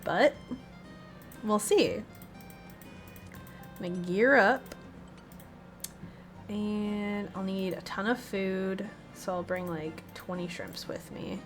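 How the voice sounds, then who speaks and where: Girl talking thru her game run to viewers, casual and chatty, mid pitch, soft music in back. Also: slow pace, pauses often. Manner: chatty, addresses viewers directly. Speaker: gaming video host. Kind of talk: casual gameplay commentary.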